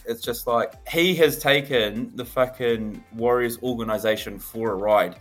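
A man's voice: medium pitch, unhurried, few pauses, fairly bright tone, soft background music. A man co-hosting a casual sports podcast, blunt and wryly sarcastic about his team. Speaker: podcast co-host.

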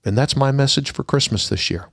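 A middle-aged man with a gravelly, rough-edged voice tells a personal story in an earnest way, his voice dropping to a hush at the sad moments. He hosts a podcast, and the sound is dry and close with no room echo. His pitch sits in a middle range for a man. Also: fairly quick. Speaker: podcast host. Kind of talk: personal story and holiday message.

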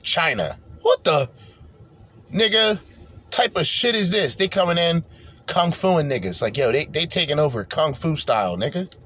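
Animated ranting man, high and lively. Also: normal speed, slightly rough. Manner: animated, profane, rambling and loud in bursts. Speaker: podcast host reacting to clips. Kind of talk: profane reaction commentary rant.

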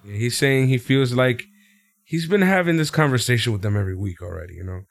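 A man's voice: fairly quick, gravelly, dry recording. A man casually recapping a wrestling show and acting out quotes. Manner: animated, laughs often, acts out quotes in high voices. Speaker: podcast co-host recapping wrestling. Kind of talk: casual chat.

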